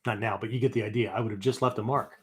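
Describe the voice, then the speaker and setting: A man's voice: lowish voice, fairly even intonation, racing. Older man teaching in a chatty way. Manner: ends phrases with "right?" and "okay?"; explains step by step, with frequent restarts. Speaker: podcast host teaching philosophy. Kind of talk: conversational teaching talk.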